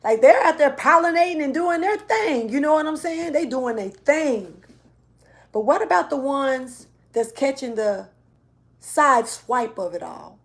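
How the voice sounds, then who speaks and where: A tarot reader gives a relaxed, unhurried spiritual reading, her somewhat high voice a little raspy from allergies. Her speech is loose and slangy, often trailing off mid-thought.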